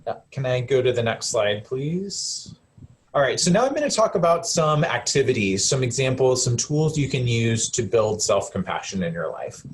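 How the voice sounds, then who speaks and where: A male counselor presents a live webinar on self-compassion, speaking gently and conversationally with many fillers and restarts. His voice is mid-range, and there's a little hiss or hum in the audio.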